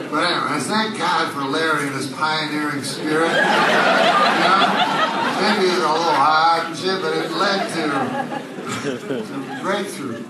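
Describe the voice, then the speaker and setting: Rambling crude comedian on a bootleg tape. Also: male voice, on the high side, measured pace. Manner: rambling, crude and meandering, with trailing asides. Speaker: stand-up comedian. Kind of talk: stand-up comedy set. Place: comedy club stage. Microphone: audience bootleg recording from far off. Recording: far-off echoey club bootleg with loud crowd. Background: loud audience laughter and noise.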